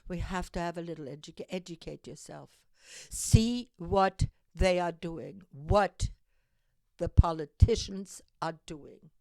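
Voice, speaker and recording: With a low, gravelly, dark-toned voice at a measured pace, a European woman hosting a civic call-to-action show speaks straight to camera. Her impassioned monologue urgently exhorts listeners to get engaged, hammering points home through emphatic repetition. There is no room sound.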